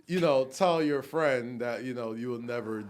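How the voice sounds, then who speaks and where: A man's voice: medium pitch, moderate pace, slight background noise. A man co-hosting a podcast in playful, joking casual chat. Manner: playful, joking, loose delivery. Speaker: podcast co-host.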